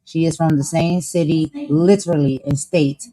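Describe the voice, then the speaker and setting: A woman's voice: sits low, steady tone, moderate pace, warm tone, poor audio. A woman host with a New Jersey accent, talking in a blunt, sassy, slang-heavy way. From Camden, New Jersey. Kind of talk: casual chat.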